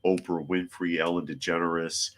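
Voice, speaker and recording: A hoarse man hosting a casual news talk podcast, chatty with wry asides. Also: deep voice, level tone, normal speed, fairly bright tone. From United States. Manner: chatty, wry asides, talks to his cat. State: hoarse from a cold. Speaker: podcast host.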